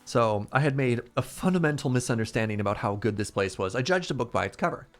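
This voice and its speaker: A man telling a casual, animated story on a stream, excitable and quick with quoted asides. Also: medium pitch, faint music behind.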